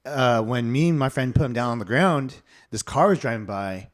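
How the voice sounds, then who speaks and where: A man's voice: medium pitch, animated, normal speed. A young man hosting a casual podcast, telling stories animatedly with lots of fillers and some swearing. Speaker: podcast host.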